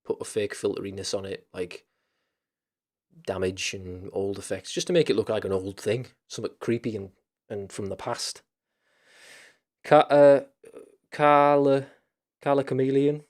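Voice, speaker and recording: A man's voice: deep voice, steady tone, moderate pace, a little mellow. A man hosting a casual chat stream, rambling loosely with lots of fillers, restarts and casual swearing.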